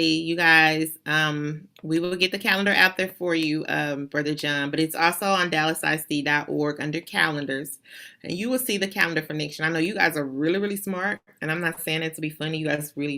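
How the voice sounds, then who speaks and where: A woman runs through school announcements on a video call. Her voice sits low but has a bright, forward edge, and she talks in a chatty, playful way. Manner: chatty, playful and warm-hearted. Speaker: school administrator.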